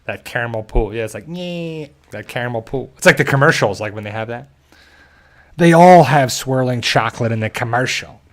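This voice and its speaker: Moving from one viewer comment to the next, a man chats loosely as a stream host in a casual livestream. He's brisk, speaks at an ordinary middle pitch, jokes often, and breaks into easy chuckles.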